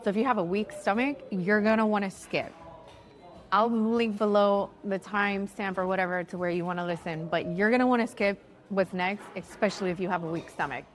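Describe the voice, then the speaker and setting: A woman in her thirties chatting casually to camera as she tells a travel story, animated and lively, acting out what people said. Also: mid-range voice, brisk. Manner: animated, chatty, acts out quotes. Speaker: travel vlogger.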